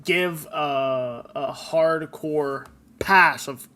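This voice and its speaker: A man's voice: a little high, drawn-out words, a loud crowd. A man in his twenties co-hosting a comedy podcast, joking around, laughing often and reading listener stories aloud. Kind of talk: casual comedic chat.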